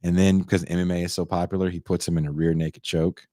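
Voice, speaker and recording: A man in his forties with a low voice tells the story of a movie in loose podcast chat. He is animated and profane, and he slips into the characters' lines as he goes. The sound is dry and close, with no room echo. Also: fast. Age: 40s. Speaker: podcast host. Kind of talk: casual chat, retelling a movie.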